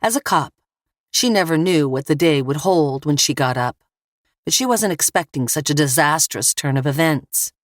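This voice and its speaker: A woman narrating a thriller audiobook in a measured, steady voice. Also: low voice, no room sound, clean studio sound. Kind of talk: scripted narration.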